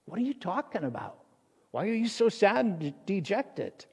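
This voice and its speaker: A man's voice: sits high, big pitch swings, moderate pace, breathy edge, in a large hall, full character voice. A pastor voicing a coy male teacher who asks coaxing questions, in a sermon. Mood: curious.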